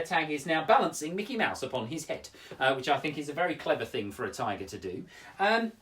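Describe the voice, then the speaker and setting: A man's voice: on the high side, recorded from a distance. A man hosting a poetry show for children from home, talking playfully and directly to the kids watching. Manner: animated, playful and expressive, addressing kids directly. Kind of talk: lively children's show presenting.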